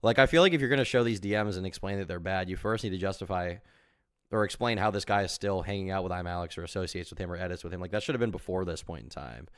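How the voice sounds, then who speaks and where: A man with a fairly low voice talks quickly through live-stream reaction commentary. He rambles and argues, leaning on fillers, and the sound is dry and close. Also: clean tone, dry recording. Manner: rambling, filler-heavy, argumentative.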